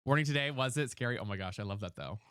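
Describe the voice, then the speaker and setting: A man's voice: mid-range voice, expressive, very fast, fairly bright tone, smooth, dry recording, clean studio sound. A man streaming a video game live, chatting casually and sassily while reading out his chat. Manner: sassy, chatty, reads chat aloud.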